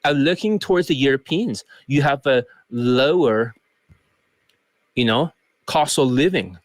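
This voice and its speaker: A man's voice: mid-range voice, animated, measured pace, no room sound. A man coach talking in a rambling, joking vlog rant. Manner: rambling, joking, slips into mock accents.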